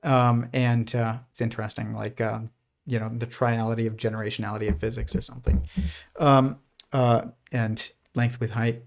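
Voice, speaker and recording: An American man hosts a casual livestream, thinking aloud in a mid-range, level voice at a moderate pace with some vocal fry. He rambles, keeps restarting sentences, leans on fillers, and laughs softly.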